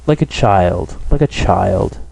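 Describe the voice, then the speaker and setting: A man's voice: low-pitched, lively intonation, slow, gravelly, warm tone, heavily acted, rough recording. A man voicing a timid young woman in an audiobook, lifting his voice a little and speaking in a plaintive, pleading way. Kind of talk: audiobook character reading.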